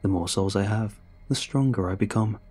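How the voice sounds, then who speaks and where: A man voicing a scheming male demon who calmly and persuasively bargains for souls, read in a storybook narration. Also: lowish voice, moderate pace, breathy edge. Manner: calm, persuasive explaining. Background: faint music.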